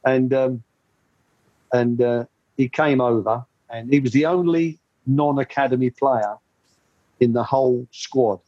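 A man's voice: medium pitch, steady tone, measured pace, dark tone, dry recording, lo-fi sound. An older man, a former football coach, telling rambling anecdotes with lots of fillers in an interview. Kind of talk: storytelling interview.

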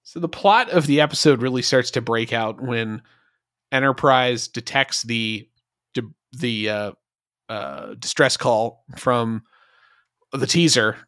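Male podcast co-host, mid pitch, casual and rambling, dry close sound. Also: a bit bright, no echo. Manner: rambling, many fillers and restarts. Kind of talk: casual review chat.

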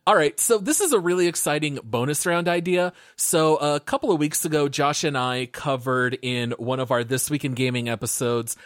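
A man's voice: a little high, moderate pace, hardly any pauses, fairly bright tone, no echo, clean studio sound. A man hosting a gaming podcast, reading the intro in an upbeat, announcer-like way and then chatting casually. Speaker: podcast host.

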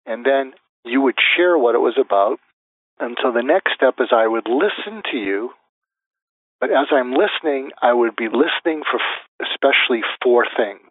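A guest expert with a mid-range voice at normal speed answers interview questions, walking through a method in numbered steps and pausing to act out example phrases. He sounds methodical, heard over a narrow, phone-like line that's completely dry, with no echo or room sound.

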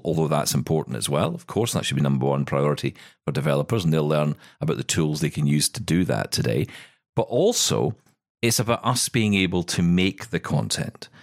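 A male podcast host with a low voice and a lively, bouncing delivery. He talks in an upbeat, jokey, chatty manner, recorded dry and close. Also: no echo. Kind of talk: casual tech chat. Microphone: studio mic.

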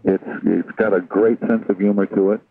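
A man in a casual interview on a distant, tinny phone line, relaxed and repeating phrases as he restarts. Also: on the low side, moderate pace, creaky, breathy edge, dry recording. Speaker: interview guest.

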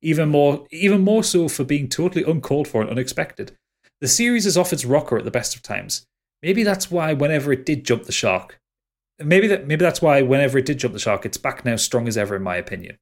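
A man's voice: a little high, expressive, brisk. Wry man riffing on a gaming podcast. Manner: wry, exaggerated delivery. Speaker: podcast co-host. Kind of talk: casual chat.

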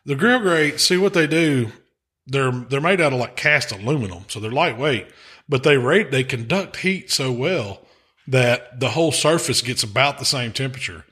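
A man, hosting a casual podcast chat in a relaxed drawl and chuckling often. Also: medium pitch, moderate pace, slightly rough. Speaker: podcast host, pitmaster.

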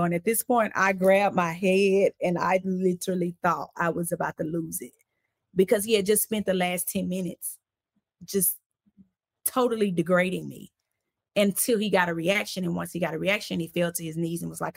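Gravelly low-voiced woman telling a story. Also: normal speed. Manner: animated, acts out quoted voices while recounting events; casual, conversational phrasing. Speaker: interview guest, author. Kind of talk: personal storytelling in a podcast interview.

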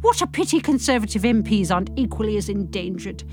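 A woman's voice: mid-range voice, expressive, fast, over music. A woman hosting a podcast, reading her own comic book aloud with sardonic, self-mocking asides.

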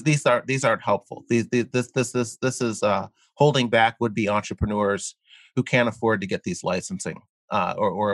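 A man speaking as a guest in an interview, explaining his views earnestly while halting often with fillers and repeated words. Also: fairly low pitch, a bit bright, no room sound. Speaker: guest columnist. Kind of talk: conversational interview.

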